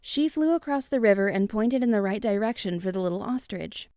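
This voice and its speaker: A woman's voice: medium pitch, fairly quick, no room sound, studio quality. Woman reading a children's storybook aloud. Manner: expressive, lively. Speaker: storybook narrator.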